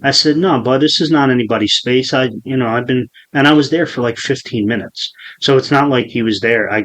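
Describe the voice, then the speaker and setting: A man's voice: mid-range voice, fairly bright tone, low-quality recording. Profane, rambling man in his forties. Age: 40s. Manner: profane, rambling storyteller with many restarts. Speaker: podcast host. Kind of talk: casual podcast chat.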